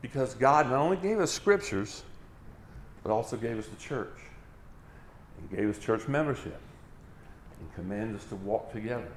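A man's voice: medium pitch, lively intonation, moderate pace, long pauses, echoey room, a little hiss or hum. A man preaching a sermon as a pastor, driving each point home with emphatic repetition.

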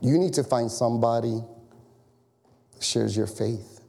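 A man preaching a sermon as pastor, animated and conversational, full of rhetorical questions. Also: medium pitch, a little slow, vocal fry, long reverb tail.

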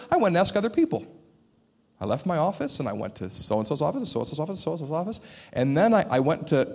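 A male pastor delivers a sermon with a fairly high voice. He talks in an animated, conversational way and acts out the people he quotes.

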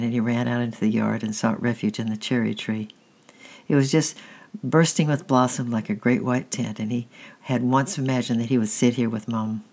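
A man reads a children's chapter book aloud at an even, middling pitch. His delivery is plain and steady, with the odd restart as he goes. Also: creaky. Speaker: audiobook reader. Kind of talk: storybook narration.

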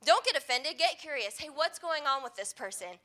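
A woman's voice: high-pitched, lively intonation, normal speed, sharp tone. A young adult woman pastor giving an earnest, conversational sermon.

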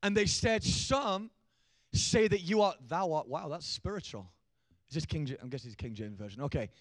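High-voiced young pastor preaching animatedly. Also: male voice, normal speed, no echo. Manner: animated, joking, builds to shouting emphasis. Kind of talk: sermon. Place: church.

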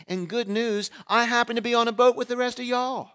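A man in his forties preaching a sermon as pastor, animated and shifting between loud emphasis and hushed asides, in a church. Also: extremely high pitch, brisk, hardly any pauses, clean tone. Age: 40s.

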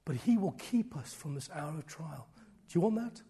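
A middle-aged man preaching a sermon, swinging from loud declarations to hushed, almost whispered lines. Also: a little high, animated, moderate pace, slightly rough.

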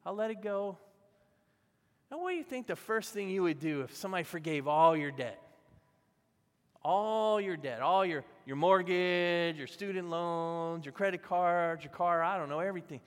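A man's voice: high voice, animated, normal speed, long reverb tail. A man preaching a sermon as a pastor, telling a parable in a conversational way and voicing its characters. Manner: conversational storytelling, acting out voices in the parable.

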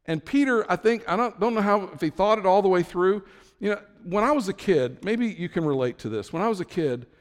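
Guy preaching, kinda high voice, gets loud and excited then drops low, big echoey hall. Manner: storytelling, swings from low and quiet to high and excited. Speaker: pastor. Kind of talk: sermon.

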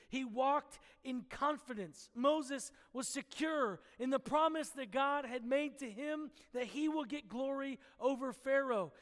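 A man's voice: extremely high pitch, fairly bright tone, long reverb tail. A man preaching a sermon, earnest and teaching, with playful asides where he chuckles at the story.

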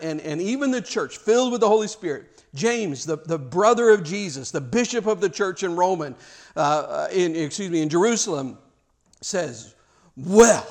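A man preaching a sermon, emphatic, with rhetorical questions and repeated words. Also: high voice.

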